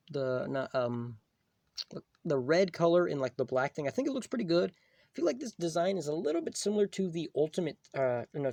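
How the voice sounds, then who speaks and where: Young man, casual toy review, rambling, lots of fillers, mellow tone, dry sound. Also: fairly high pitch, dry recording. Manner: rambling, filler-heavy, full of "like".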